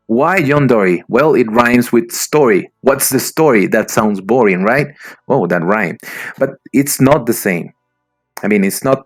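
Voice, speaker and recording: A man's voice: lowish voice, no echo, studio quality. A man, a native Spanish speaker, giving an educational presentation, explaining things with fillers and frequent rhetorical "right?" checks.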